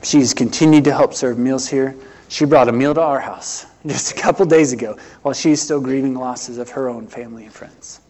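A middle-aged man, preaching a sermon earnestly, with swells and hushed drops. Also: medium pitch, brisk. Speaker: pastor.

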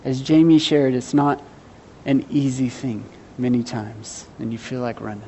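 A man's voice: mid-range voice, level tone, unhurried, dark tone, slight background noise. A man preaching a sermon, earnestly putting questions to his congregation with some self-deprecating humor. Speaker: pastor.

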